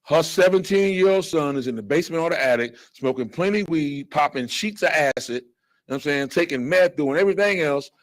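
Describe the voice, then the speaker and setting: Blunt, animated male scripture teacher. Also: on the high side, fairly quick. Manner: animated, blunt, acts out other people's voices. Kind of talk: fiery street-style Bible lesson.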